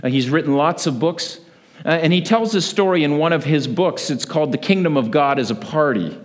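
A man preaching a sermon as a pastor, telling a story with lively acted-out voices. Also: a little high, brisk.

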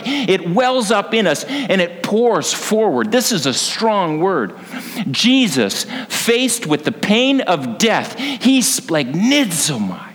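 A man's voice: high voice, a bit bright. Earnest preaching man in a reverberant hall. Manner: earnest, rising to passionate emphasis. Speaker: pastor. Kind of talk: sermon.

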